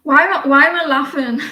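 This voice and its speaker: A woman's voice: high voice, pushed and bright, reverberant, poor audio. An Irish woman in her forties giving a chatty, rambling live tarot reading, with many restarts. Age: 40s. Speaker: tarot reader.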